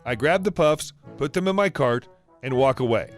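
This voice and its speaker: Lively man narrating stories. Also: medium pitch, moderate pace. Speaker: story narrator. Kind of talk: reading reddit stories aloud. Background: faint music.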